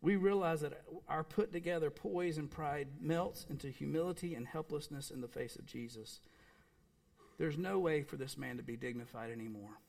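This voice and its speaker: A man preaching a sermon, earnest and emphatic, repeating phrases and dropping suddenly to a soft, quiet voice. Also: a little high, normal speed, creaky. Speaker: pastor.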